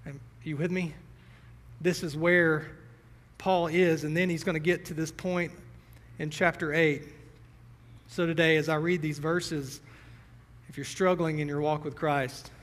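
A man's voice: fairly high pitch, level tone, unhurried, long pauses, a bit bright, long reverb tail. A young man preaching a sermon to his congregation, earnest and emotional, a little teary as he speaks directly to them. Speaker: pastor. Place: church sanctuary.

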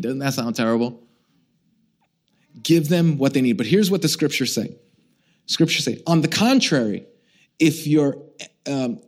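A middle-aged male pastor preaches in a loose, conversational way, his voice sitting a little higher than most men's. He tells stories with self-mocking humor and keeps checking in with his listeners. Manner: humorous, animated storytelling with self-mocking asides; conversational, asks the congregation questions. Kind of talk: sermon.

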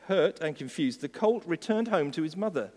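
Fervent preacher in an echoing hall. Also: male voice, fairly high pitch, expressive, normal speed. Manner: builds from quiet reflection to fervent exhortation. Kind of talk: sermon. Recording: long hall reverb.

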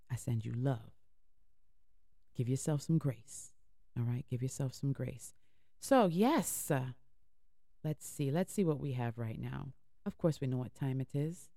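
A woman radio host speaks in an earnest, heartfelt way, repeating lines for emphasis as she encourages her listeners. Her voice has a gravelly edge and a mellow, dark tone. It is recorded close and dry. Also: rumbling low, no echo. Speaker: internet radio show host. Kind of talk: inspirational talk between music.

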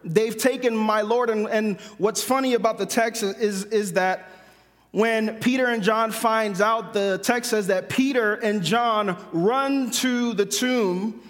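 A man's voice: sits high, slow pace, fairly bright tone. A man preaching a sermon in a conversational way, with self-corrections and humorous asides. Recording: long hall reverb.

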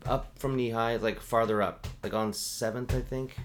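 A man's voice: medium pitch, moderate pace, faint music behind. A man who works as a bartender, chatting casually and acting out the people in his stories, with lots of filler words. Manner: animated storyteller, acts out quoted voices, heavy "like" filler. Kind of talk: casual chat.

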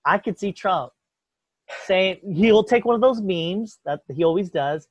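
A man's voice: high-pitched, animated, a little slow, no echo. A man in casual political chat, ranting with lots of swearing and mock voices. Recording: dull lo-fi dry sound.

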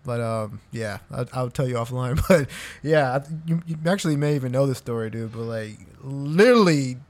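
A man's voice: medium pitch, lively intonation, normal speed. A man co-hosting a casual podcast, laid-back and chuckling as he hints at his own story. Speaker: podcast co-host. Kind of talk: casual chat.

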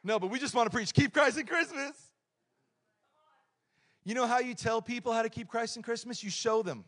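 A middle-aged man preaching a lively, joking sermon in a church, swinging between loud points and quiet asides. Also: very high-pitched, fast. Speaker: pastor.

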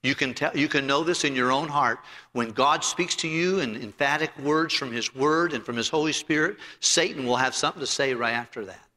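A man preaching a sermon as pastor, telling stories from the pulpit, rising to loud emphasis and dropping to quiet asides. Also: mid-range voice, fairly quick. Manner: preachy and anecdotal, swings between loud emphasis and soft asides. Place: church sanctuary. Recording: long hall reverb.

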